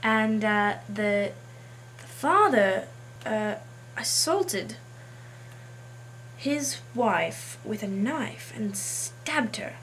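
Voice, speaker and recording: Slow snarky woman in put-on English accent. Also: a little high, lively intonation, fairly bright tone, slight background noise. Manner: snarky, hesitant with many fillers. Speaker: vlogger. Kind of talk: casual monologue.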